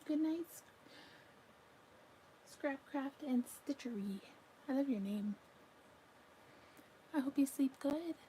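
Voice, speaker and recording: A woman's voice: sits high, animated, slow pace, pauses often, dark tone, a little hiss or hum, poor audio. A woman chatting casually on a crafting live stream, reading out viewer comments and yawning now and then. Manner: chatty, yawning, talks to her pet between comments. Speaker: livestream crochet crafter. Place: home.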